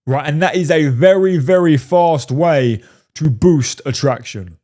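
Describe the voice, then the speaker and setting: A man's voice: a little high, measured pace, mellow. A man commenting on film clips as a dating coach, casual and profane, often saying "right?" and "fellas".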